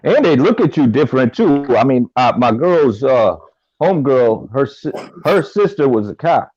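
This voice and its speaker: A man's voice: mid-range voice, moderate pace, faint music behind. A man in a casual podcast chat, swearing freely, his voice jumping up when he gets riled. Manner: animated, swears a lot, voice rises sharply when riled. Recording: dull lo-fi sound.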